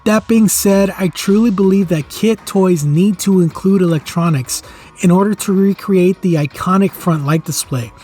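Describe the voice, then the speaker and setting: A man's voice: high-pitched, moderate pace, warm tone, husky, soft background music. A middle-aged man hosting a toy review channel, narrating from a script in an enthusiastic, nostalgic, earnest way.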